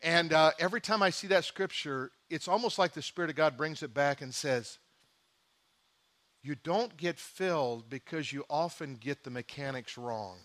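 Bright high-voiced male preacher. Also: normal speed. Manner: animated preacher, shifts between quiet intimate asides and emphatic bursts. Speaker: pastor. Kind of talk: sermon.

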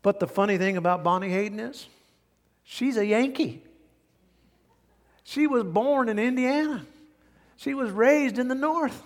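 A middle-aged male pastor preaching a sermon, telling stories with big swings from hushed to loud. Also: very high voice, unhurried, pauses often. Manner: animated storytelling, swings from quiet to loud. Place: large church hall. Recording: hall reverb.

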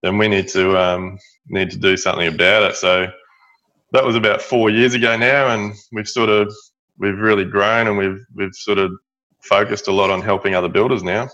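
Australian man, middle-aged, pitched low, talks in halting restarts, muffled lo-fi recording. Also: steady tone, sharp tone. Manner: halting, many fillers and restarts. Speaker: guest, building business owner. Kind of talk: storytelling interview. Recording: dull lo-fi audio.

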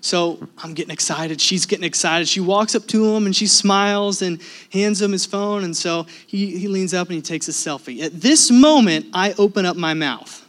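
A high-pitched man delivering a sermon from the pulpit, his stories animated and lively. He swings between punchy emphasis and soft, hushed asides. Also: moderate pace. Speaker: pastor.

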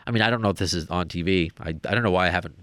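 A man with a fairly low voice hosts a podcast and rambles through a story. He restarts often and jumps into quoted lines in a raised voice. The sound is dry and close. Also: rapid-fire, a bit bright, dry recording. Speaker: podcast host. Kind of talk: casual storytelling monologue.

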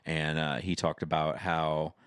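A man with a very low voice talks loosely on a podcast, wandering through his stories with plenty of "um" and "like". The sound is close and dry, with no room around it. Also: monotone, measured pace, a bit bright, clean tone, no room sound. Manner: rambling, filler-heavy storytelling. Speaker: podcast co-host. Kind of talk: casual chat. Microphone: microphone.

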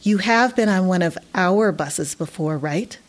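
A woman's voice: lowish voice, a little slow, close to an everyday voice. A woman voicing a cocky, teasing schoolboy in a storybook reading, with a mocking, bossy manner. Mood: low, insistent.

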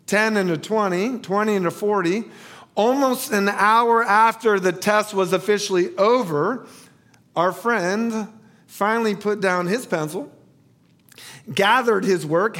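Slow, high-voiced male preacher. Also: a bit bright. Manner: slow storytelling, rhetorical questions. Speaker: pastor. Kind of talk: sermon.

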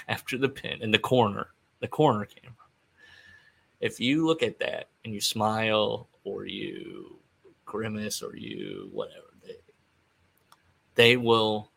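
A man's voice: on the low side, lively intonation, measured pace, vocal fry, a bit bright. A middle-aged man hosting a casual podcast recap, rambling with wry, offhand asides. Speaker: podcast host recapping wrestling.

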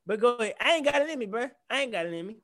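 A young man co-hosting a podcast, ranting in animated, profane casual chat. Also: very high voice, racing, no room sound. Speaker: podcast co-host.

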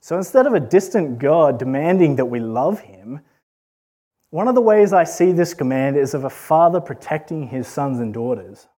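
Aussie guy preaching, kinda husky, slightly high voice, chatty and earnest. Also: expressive, normal speed, mellow. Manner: earnest, conversational, asks rhetorical questions. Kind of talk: sermon.

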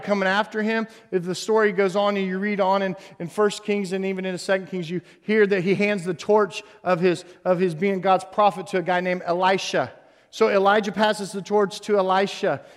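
A male pastor preaching a sermon on stage, animated and jokey, swinging between loud emphasis and hushed tones. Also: high-pitched, big-room sound. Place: church stage before a congregation.

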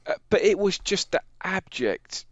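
A man's voice: high-pitched, sing-song, a little slow, no echo. Man, 30s, casual co-host, restart-heavy rambling; dull, dry recording. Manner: rambling, many restarts and fillers. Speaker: podcast co-host. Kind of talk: casual chat. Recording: muffled dry sound.

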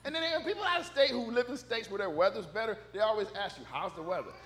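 A man's voice: very high-pitched, very animated, fast, fairly bright tone, a little hiss or hum. A male pastor preaching a conversational, folksy sermon to a church congregation, trading quips and amens with them. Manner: folksy, talks back and forth with the congregation; jokes and raises his voice when telling funny stories. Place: church service.

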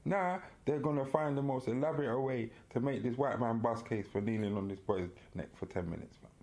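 Speaking a little fast with a darkish, mid-range tone, a man co-hosting a podcast relates a story with animation. The chat is casual, loaded with slang and laughter.

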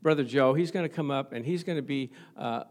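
A middle-aged male pastor preaches a sermon in a brisk, mid-range voice. He drives his points home by repeating phrases and chuckles at his own stories.

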